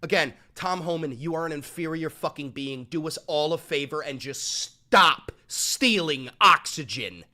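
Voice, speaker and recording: A man's voice: on the high side, animated, a little slow, few pauses, sharp tone. A man live-streaming scornful, profane commentary over news clips. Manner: scornful, heavy swearing.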